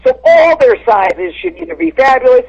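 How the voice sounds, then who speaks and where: A woman's voice: sits high, moderate pace, gravelly, a little mellow. Woman, comedian phoning in, blunt and brassy, dull phone-line sound. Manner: blunt, brash insult-comic delivery. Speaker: guest comedian calling in. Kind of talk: phone-in podcast chat.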